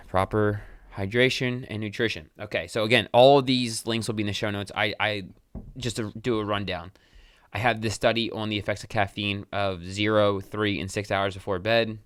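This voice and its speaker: Casual low-voiced man podcasting solo. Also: steady tone, normal speed, a bit bright, smooth, no echo. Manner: rambling, self-correcting, swears casually. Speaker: podcast host.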